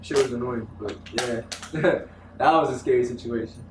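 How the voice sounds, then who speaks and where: A young man telling stories in casual interview chat, animated and full of slang. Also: medium pitch, normal speed, background noise. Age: young adult. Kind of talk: casual storytelling. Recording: echoey room, mic from far off.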